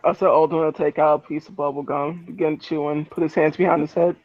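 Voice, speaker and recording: Relaxed male player, slightly high voice, dull lo-fi audio. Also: quick pace, no room sound. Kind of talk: casual tabletop play.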